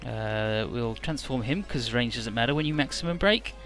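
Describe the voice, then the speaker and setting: A man giving casual, rambling gameplay commentary in a low-key, mumbly way. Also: lively intonation, normal speed, fairly bright tone, faint music behind. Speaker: let's play host.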